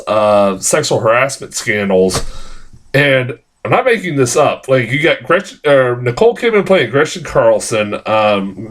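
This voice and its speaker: A man's voice: medium pitch, fairly bright tone. A man giving a casual, rambling film review, full of filler words, swearing and self-corrections, sounding tired.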